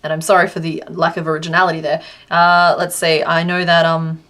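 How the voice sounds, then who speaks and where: A woman's voice: low voice, flat delivery, fairly quick, a bit bright. An Australian woman chatting casually on a live stream while she crochets, answering her chat and laughing often.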